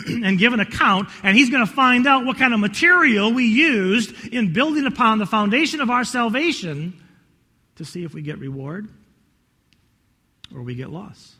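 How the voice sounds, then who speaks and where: A male pastor preaching a sermon, telling a story in an animated, folksy way with many restarts, in a church. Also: high-pitched, slightly rough. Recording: echoey hall.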